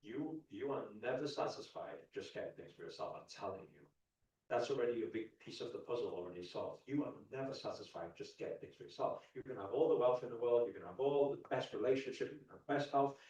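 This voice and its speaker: A man's voice: mid-range voice, animated, fast, a little mellow, recorded from a distance. A man speaking in an echoey hall. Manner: questions the crowd, repeats lines for emphasis. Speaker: spiritual teacher. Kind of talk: motivational talk to a live audience. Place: large hall at a live event.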